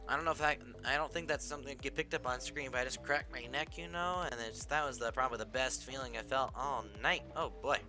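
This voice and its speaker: A young man casting an esports match in a relaxed, rambling way, joking and filling gaps with "you know". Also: mid-range voice, quick pace, few pauses, over music. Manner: rambling, joking, many fillers. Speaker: esports caster. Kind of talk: casual play-by-play commentary.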